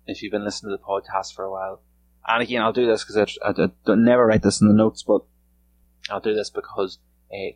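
Gravelly, flat-voiced podcast man. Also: on the low side, a little hiss or hum, low-quality recording. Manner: rambling, profane and laid-back. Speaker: podcast host. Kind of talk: solo podcast chat. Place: home room.

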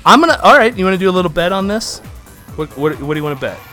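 A man hosting a casual podcast chat, animated and quick to laugh, often restarting his sentences. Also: high voice, faint music behind. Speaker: podcast host.

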